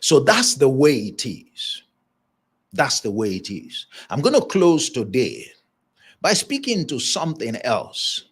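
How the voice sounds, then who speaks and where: A man's voice: mid-range voice, wildly swooping pitch, slow, fairly bright tone, slightly rough. A man giving a motivational leadership talk, stressing points by repeating phrases and chuckling now and then. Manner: emphatic preaching delivery with chuckles. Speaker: leadership speaker.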